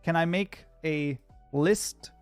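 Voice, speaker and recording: A man's voice: a little high, slow, clean tone, dry recording, faint music behind. Chatty man streaming. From Germany. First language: German. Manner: chatty, reads chat aloud and mutters while debugging. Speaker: livestreamer and programming tutor. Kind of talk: casual live-stream chat while coding.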